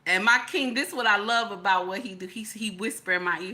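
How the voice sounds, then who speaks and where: Bright-voiced sassy woman chatting live. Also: mid-range voice, a little fast, few pauses. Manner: sassy, teasing, chatty with loud laughing outbursts. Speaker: live stream host reading chat. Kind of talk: casual live chat.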